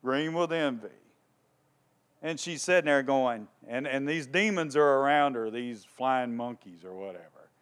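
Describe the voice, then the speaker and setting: A man's voice: mid-range voice, a little slow, clean tone. A man preaching a sermon, retelling a story and asking his listeners questions. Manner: storytelling, lively, asks the congregation questions. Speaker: pastor.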